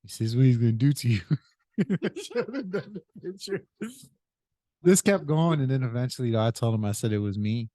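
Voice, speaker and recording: A man's voice: mid-range voice, lively intonation, a little slow, mellow, no echo, clean studio sound. A male podcast host telling a rambling, casual story, stacking up "I said" and laughing as he goes. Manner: retells with many "I said", laughs often.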